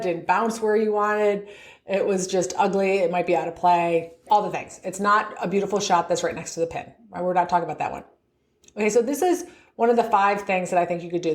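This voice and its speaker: A woman's voice: medium pitch, echoey room. A middle-aged woman coaching golfers on their mental game in a podcast, upbeat, often laughing and acting out the thoughts in their heads. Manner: upbeat, laughs often, acts out inner voices.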